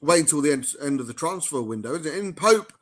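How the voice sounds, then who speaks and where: A man's voice: fairly high pitch, expressive, fast, a loud crowd. A man on a podcast panel talking football in a friendly, casual way. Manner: friendly, calls others "mate".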